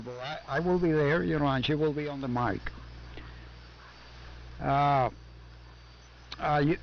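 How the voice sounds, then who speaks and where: Older ham operator with a Puerto Rican accent, friendly and halting, fairly high voice over muffled radio. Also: male voice. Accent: Puerto Rican Spanish. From Puerto Rico. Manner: friendly, halting, many "uh" and "you know". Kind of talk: casual on-air radio chat. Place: home basement. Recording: muffled amateur radio audio, faint static.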